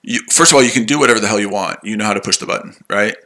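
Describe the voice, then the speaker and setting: A man's voice: lowish voice, rapid-fire, sharp tone. A tired man hosting a live trading stream, answering chat in a sarcastic, combative way and repeating himself. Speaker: trading livestream host.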